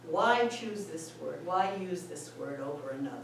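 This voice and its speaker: A woman's voice: low-pitched, expressive, moderate pace. A woman, a former school administrator, giving a chatty talk on poetry to choir singers, laughing often and reading lines aloud. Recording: echoey room, voice far from the mic, faint background noise.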